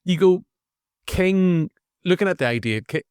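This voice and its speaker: A Northern Irish man co-hosting a movie review podcast, rambling casually with restarts and animated asides. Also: high-pitched, a little slow, clean tone, dry recording, studio quality. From Northern Ireland. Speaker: podcast co-host.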